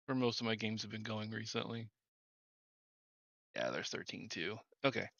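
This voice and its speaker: A man's voice: on the low side, moderate pace, gravelly, fairly bright tone, dry recording. A man streaming a game, chatting casually and thinking aloud as he hunts through his files. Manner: distracted, thinking aloud while hunting for files. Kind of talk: casual gameplay chat.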